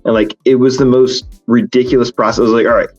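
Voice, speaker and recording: A man's voice: mid-range voice, flat delivery, quick pace, a little mellow, dull audio, soft background music. A man hosting a podcast in casual chat, talking frankly and rambling with many fillers and restarts. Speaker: podcast host.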